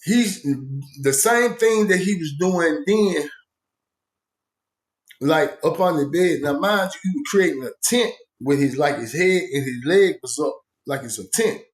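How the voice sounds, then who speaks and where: A man's voice: a little high, unhurried. A man casually telling a story from his own past, rambling with slang and many asides. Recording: echoey room.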